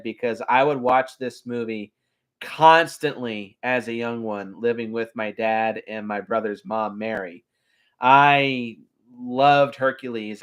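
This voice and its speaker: A man casually reviewing his favorite animated films, chatty and enthusiastic, with frequent ums. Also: mid-range voice. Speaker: film reviewer. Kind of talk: casual video commentary.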